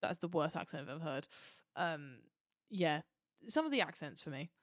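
A woman with a lowish voice co-hosts a podcast in casual chat, upbeat as she steers the questions. The recording is dry and close. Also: lively intonation, moderate pace, no echo. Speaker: podcast co-host.

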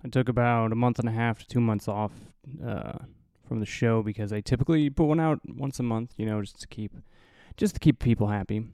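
A man's voice: mid-range voice, fairly even intonation, a little fast, dark tone, dry recording. Nasal Midwestern man, dry close sound. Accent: Midwestern American. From American Midwest. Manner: rambling, profane, self-mocking. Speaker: podcast host. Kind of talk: casual solo podcast monologue.

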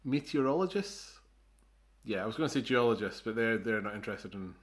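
A man's voice: on the low side, animated, a little fast. Hesitant man explaining casually. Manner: hesitant, filler-heavy explaining. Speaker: podcast co-host. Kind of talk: casual chat.

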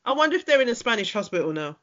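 A woman in a casual chat, incredulous and quick to laugh. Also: fairly high pitch, sing-song, a bit bright. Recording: dull lo-fi audio.

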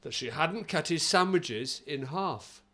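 Reading a news story aloud amid casual comic banter, this animated male comedy podcast host has a slightly high voice. He laughs a lot and keeps tossing in quick, put-on regional accents for fun.

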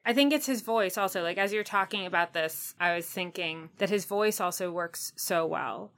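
Thoughtful woman podcast host, lowish voice. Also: moderate pace, fairly bright tone. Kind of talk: podcast interview.

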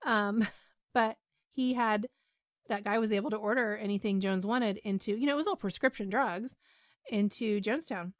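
A woman's voice: medium pitch, normal speed, dry recording, clean studio sound. A woman podcast host retelling a story in casual, chatty talk with frequent ums and asides.

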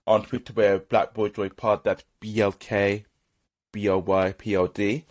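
A man from Birmingham co-hosting a podcast, talking in relaxed casual chat full of "like". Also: on the low side, unhurried. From Birmingham, England. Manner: relaxed, lots of "like" fillers. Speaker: podcast co-host.

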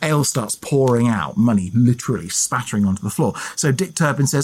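Brief: playful podcast storyteller, man, with a lively, swooping delivery and a faint husk. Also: on the low side, fast talker, few pauses, slightly rough. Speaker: podcast co-host. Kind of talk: storytelling history chat.

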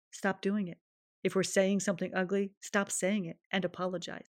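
A woman's voice: lowish voice, no echo, clean studio sound. A woman hosting her own podcast, talking earnestly and emphatically in a reflective solo monologue, her voice shaking with emotion. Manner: earnest, emphatic, self-affirming. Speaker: podcast host.

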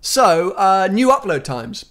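A man hosting a casual car podcast, chatty and upbeat with quick asides. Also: high voice, big pitch swings, fairly bright tone. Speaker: podcast host.

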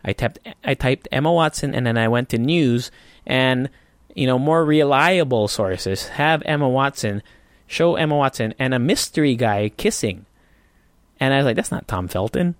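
A man's voice: medium pitch, expressive, normal speed, no room sound. A man hosting a casual solo podcast, rambling and swearing freely with frequent restarts. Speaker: podcast host.

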